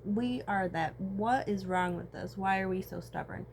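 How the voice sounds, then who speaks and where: A woman's voice: mid-range voice, normal speed, vocal fry, a little hiss or hum. A woman, talking in a casual, profane personal monologue. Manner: casual, profane, animated storytelling with frequent laughs.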